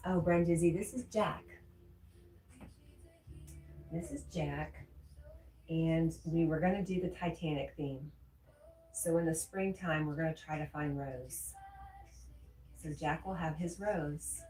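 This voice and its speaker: Woman streamer, mellow low voice, casual comment-reading host, often laughing. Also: fairly even intonation, measured pace. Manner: chatty, laughs often, reads chat aloud. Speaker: livestream host. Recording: roomy echo with faint music.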